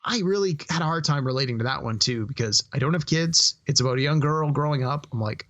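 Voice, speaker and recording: A man's voice: a little high, fast talker, a bit bright, muffled recording. A man co-hosting a podcast, giving his frank opinion of a movie in casual chat, with some hesitant restarts. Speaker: podcast co-host.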